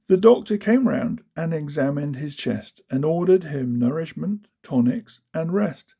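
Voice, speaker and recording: A man's voice: on the high side, lively intonation, moderate pace, vocal fry, hardly any pauses, dark tone, breathy edge. A man giving a rhythmic, sing-song storybook reading of children's poems. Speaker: reader of children's verse.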